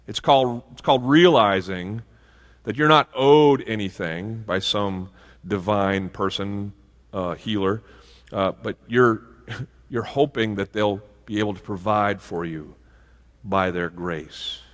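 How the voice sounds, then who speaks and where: A man's voice: lowish voice, slow pace, big-room sound. A male pastor preaching a sermon in a conversational way, with asides and frequent restarts. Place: church sanctuary.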